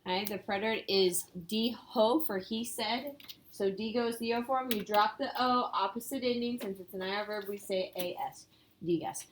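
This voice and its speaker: A woman's voice: medium pitch, normal speed, a little hiss or hum. A woman teaching a casual review lesson, explaining step by step and quizzing her students. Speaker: Spanish teacher.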